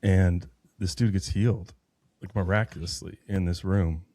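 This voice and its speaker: A man's voice: low voice, fairly even intonation, normal speed, mellow, no room sound. A man in his thirties, a podcast guest, telling a personal faith story in an earnest, rambling way with many restarts. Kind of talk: personal faith testimony in conversation.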